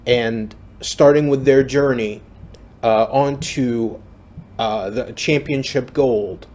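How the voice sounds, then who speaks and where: A man's voice: medium pitch, a little mellow. Rambling man talking wrestling booking. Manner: rambling, frequent restarts and fillers. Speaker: fantasy booking commentator. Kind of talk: casual solo commentary.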